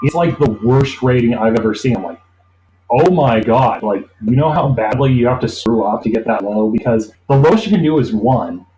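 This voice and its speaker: A man telling a long anecdote in a relaxed interview, rambling and acting out the people he quotes. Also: medium pitch, normal speed, a little hiss or hum. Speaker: interview guest. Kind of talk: casual storytelling. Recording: roomy echo.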